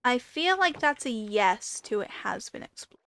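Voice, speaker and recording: Playing a video game, a female gaming video creator chats along casually, rambling through stories with fillers, talking to herself and sometimes bursting into panicked repeated pleas. Her clean, somewhat bright voice sits on the high side and is very animated at a moderate pace.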